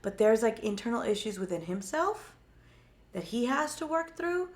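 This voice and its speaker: A woman co-hosting a live stream of psychic readings, speaking quietly and a little hesitantly because her throat is sore, often repeating words as she searches for her impressions. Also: a little high, very animated, normal speed. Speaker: psychic reader, co-host.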